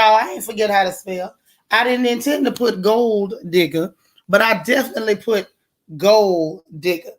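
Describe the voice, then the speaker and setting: A woman hosting a casual livestream, greeting viewers by name in folksy, drawn-out banter. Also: fairly high pitch. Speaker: livestream host.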